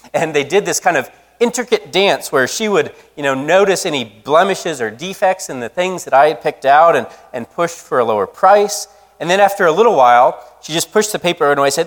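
A man preaching a sermon, telling a story in a lively, conversational way. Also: a little high, brisk, in a large hall. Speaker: pastor.

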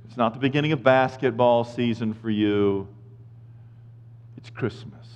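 A man in his fifties preaching a sermon in a casual, jokey way, swinging from hushed asides to shouted lines. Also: mid-range voice, fairly even intonation, unhurried, long pauses. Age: 50s. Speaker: pastor. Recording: muffled sound with long hall reverb.

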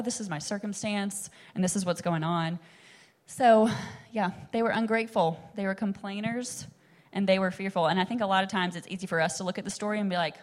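A young woman giving a casual, chatty Bible teaching, full of fillers and asides. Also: mid-range voice. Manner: chatty, animated, many fillers like "like" and "um". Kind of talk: casual sermon-style teaching.

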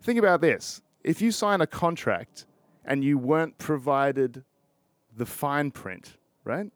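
A man hosts a solo podcast and talks in a loose, rambling rant. He sounds frustrated and swears constantly. His voice sits at an ordinary pitch and is recorded dry and close. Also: dry recording. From Australia. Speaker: podcast host.

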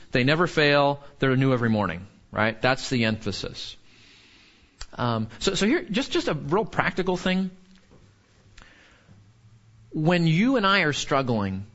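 A man leads a Bible class in an earnest way, with a fairly high voice and many quick restarts as he puts questions to the group. The recording sounds dull and lo-fi. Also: a bit bright. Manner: earnest, asks the room questions, frequent restarts. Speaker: pastor or teacher. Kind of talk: interactive Bible teaching.

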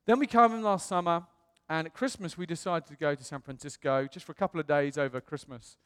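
A man preaching, telling a personal story with animated delivery and self-mocking humor, acting out what others said. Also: fairly high pitch, a little fast, smooth. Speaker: pastor. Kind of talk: personal testimony sermon. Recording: long reverb in a hall.

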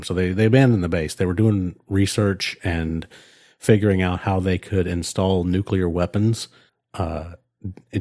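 Man, low voice, podcast co-host, casual rambling chat, fillers, dry close sound. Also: darkish tone, no room sound. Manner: rambling, many fillers and restarts.

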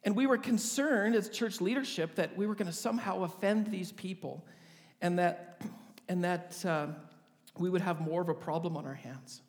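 A man's voice: sits high, moderate pace, in a large hall. A man, a pastor, telling a humorous story in a vivid storytelling sermon.

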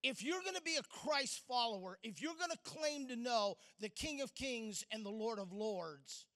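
Guest preacher, man, high bright voice, jokey crowd-work sermon. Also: expressive, normal speed. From outside Chicago. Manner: playful, leads audience in call-and-response. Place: church service.

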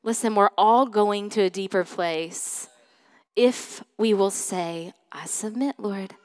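Speaking slowly in a large hall, this woman has a mid-range voice with a clear, resonant tone. She's a pastor preaching in a conversational, story-driven style full of fillers, moving between loud passages and quiet whispered asides.

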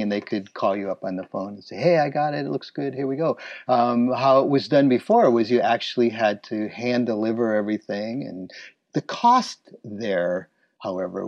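A man's voice: lowish voice, dry recording. Storytelling man, dry dull recording. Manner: animated, acts out remembered dialogue. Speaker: interviewee, illustration business owner. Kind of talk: reflective storytelling.

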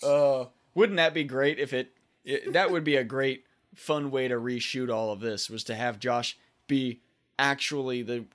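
A man's voice: mid-range voice, steady tone, unhurried, fairly bright tone. Chatty man recapping a show. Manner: rambling, laughs often, acts out lines. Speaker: podcast co-host recapping a TV episode. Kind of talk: casual chat.

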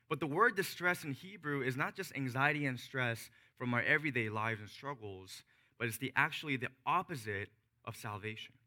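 Bright-voiced man preaching a sermon. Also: medium pitch. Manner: emphatic, dropping soft and slow on key phrases. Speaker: pastor.

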